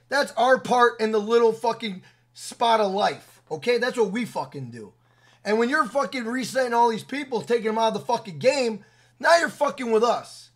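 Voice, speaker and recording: Male gaming creator, high voice, furious profane rant, blunt and repetitive. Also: animated, moderate pace, fairly bright tone. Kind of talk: angry rant to camera.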